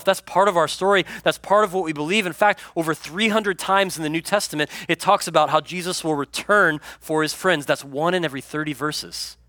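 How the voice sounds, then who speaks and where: A man preaching a sermon as a pastor, casual and earnest, rising loud then dropping very soft for emphasis. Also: fairly high pitch, no echo, clean studio sound.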